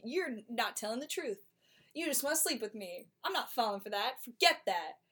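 A woman's voice: a little high, big pitch swings, normal speed, fairly bright tone, breathy edge, heavily acted. A woman voicing a spirited young princess who talks bluntly. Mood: indignant.

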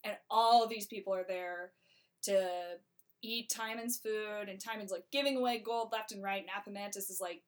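A woman's voice: mid-range voice, fairly even intonation, normal speed. A young woman casually summarizing a play's plot, wry and chatty, full of filler words. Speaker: storyteller summarizing a play.

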